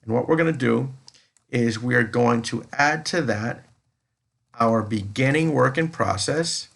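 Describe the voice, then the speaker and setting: A man's voice: medium pitch, measured pace, creaky, fairly bright tone. A man lecturing on accounting over a screen recording, explaining step by step and restating each point. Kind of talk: recorded lecture walking through a spreadsheet.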